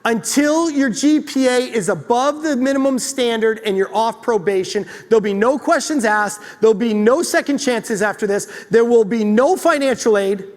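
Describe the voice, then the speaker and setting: A man putting on the voice of a kind, soft-spoken male mentor doctor who gives slow, firm, deliberate instructions. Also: extremely high pitch. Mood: stern. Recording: long hall reverb.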